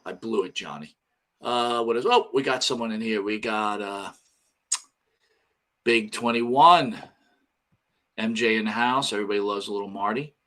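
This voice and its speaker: A man's voice: fairly low pitch, moderate pace, pauses often, fairly bright tone. Profane rambling older New man. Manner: rambling and profane, reading out chat names. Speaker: podcast co-host. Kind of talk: casual live-stream chat.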